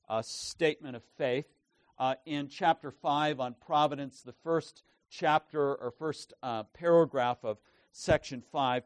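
A man preaching an expository sermon, slow and emphatic, pausing to repeat key words for weight. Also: a little high, no echo. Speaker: pastor.

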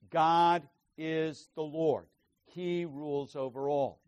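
A man preaching an expository sermon, slow and emphatic, pausing to repeat key words for weight. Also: a little high, no echo. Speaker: pastor.

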